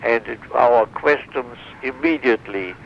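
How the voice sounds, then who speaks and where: An older man, a former wartime interrogator, recounting memories in an interview, halting with many fillers and restarts. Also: mid-range voice, gravelly. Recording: dull lo-fi sound with faint noise.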